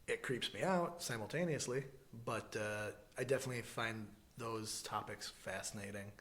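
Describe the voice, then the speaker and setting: A man from the American Midwest co-hosting a podcast, chatting casually with a joking, laid-back manner and lots of fillers. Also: on the low side. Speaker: podcast co-host. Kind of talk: casual chat.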